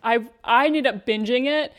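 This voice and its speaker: A woman co-hosting a podcast in casual chat, measured and upbeat as she reads out listener questions. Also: fairly high pitch. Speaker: podcast co-host.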